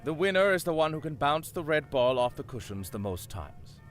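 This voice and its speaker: A stuffy old boastful captain, talks down, big lively swoops. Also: male voice, on the high side, brisk, soft background music. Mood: pompous. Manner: pompous, condescending. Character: pompous boastful old male sea captain.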